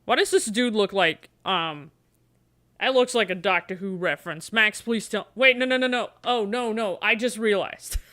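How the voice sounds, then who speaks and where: A woman's voice: medium pitch, moderate pace, a bit bright, no echo, studio quality. A woman streamer playing a gamebook on a livestream, chatting playfully and coaxing the dice.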